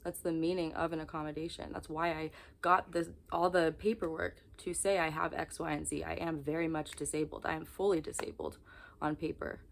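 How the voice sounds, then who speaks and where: Tired young woman rambling to her camera, kinda low voice, raw and candid. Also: level tone, brisk, vocal fry, a little hiss or hum. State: exhausted. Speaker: vlogger. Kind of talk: confessional vlog talk to camera.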